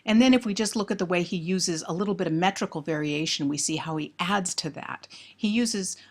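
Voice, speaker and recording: A woman giving a close-reading lecture on poetry, thoughtful and emphatic on key words. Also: fairly low pitch. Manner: thoughtful, emphatic on key words, reads verse aloud slowly.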